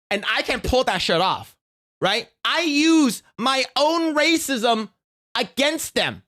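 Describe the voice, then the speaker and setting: A man's voice: very high voice, big pitch swings, measured pace, bright, forceful tone. A man hosting a stream, reacting and telling stories in casual, rambling, profane chat full of fillers. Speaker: streamer host.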